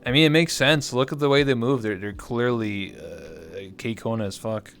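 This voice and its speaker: A man's voice: medium pitch, moderate pace, creaky, a bit bright, soft background music. A man hosting a livestream, chatting casually in a rambling, jokey way. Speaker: livestream host. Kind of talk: casual chat.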